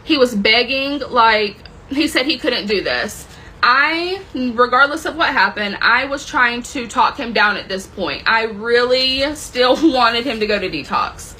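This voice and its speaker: A woman's voice: a little high, animated, a little slow, bright, forceful tone, husky, low-quality recording. A woman telling a dramatic personal story with plenty of swearing, intense and emotional in her retelling. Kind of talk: personal story told to camera.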